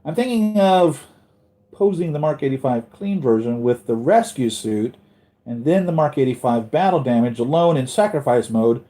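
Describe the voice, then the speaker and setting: A man's voice: mid-range voice, animated, normal speed, dark tone. A man hosting a casual live stream about collectible figures, rambling and thinking aloud as he answers viewer comments. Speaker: collectibles channel host.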